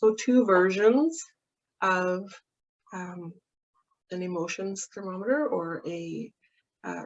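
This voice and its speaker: Woman, early childhood educator, gentle, unhurried, somewhat low voice, dull muffled recording. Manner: slow, gentle and patient, with frequent ums. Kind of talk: instructional walkthrough of a calming activity.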